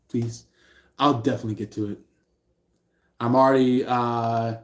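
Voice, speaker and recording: A man's voice: medium pitch, darkish tone, echoey room. A man giving a live-streamed tarot reading in a rambling way, with many fillers, acting out the people he describes in raised voices. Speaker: tarot reader.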